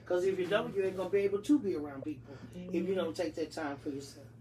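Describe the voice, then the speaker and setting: A middle-aged woman in casual chat, giving animated, preachy encouragement and playful self-talk. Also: fairly low pitch, fast, crowd noise. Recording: distant mic with faint noise.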